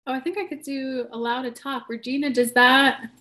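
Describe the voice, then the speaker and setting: A woman's voice: high voice, steady tone, moderate pace, bright, forceful tone. A woman life coach on a live stream, answering viewers by name and speaking bluntly and earnestly, with casual swearing.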